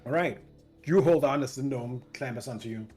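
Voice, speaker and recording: A man's voice: medium pitch, a little fast, darkish tone, soft background music. A man running a tabletop game as game master, narrating with frequent hesitations and restarts. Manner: hesitant, many fillers and restarts.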